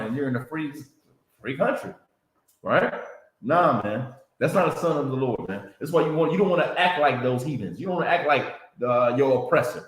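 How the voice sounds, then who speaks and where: Man, Bible class teacher, preaching style, repetitive call-outs, mid pitch, roomy echo. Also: expressive, moderate pace. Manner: repetitive, checks in with "you understand?" and "man".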